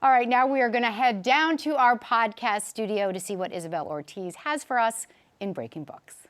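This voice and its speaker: A woman's voice: fairly high pitch, normal speed. A woman hosting a book interview, asking questions and affirming her guest in an encouraging way. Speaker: host. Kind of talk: interview chat.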